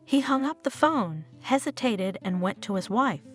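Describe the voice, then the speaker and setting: A woman's voice: mid-range voice, sing-song, measured pace. A woman narrating a dramatic family story in a scripted storytelling style, over faint background music.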